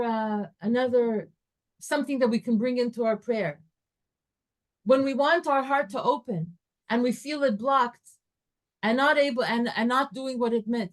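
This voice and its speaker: Animated woman telling a Torah story. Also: fairly high pitch. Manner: animated storyteller, acts out dialogue with rising and falling voice. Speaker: Torah teacher.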